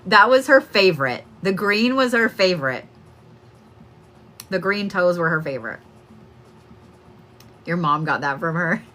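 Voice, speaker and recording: Young woman, medium, casual, laughs a lot, swears, crisp bright voice. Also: fairly low pitch, lively intonation, unhurried, pauses often. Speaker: psychic medium. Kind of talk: live-stream reading.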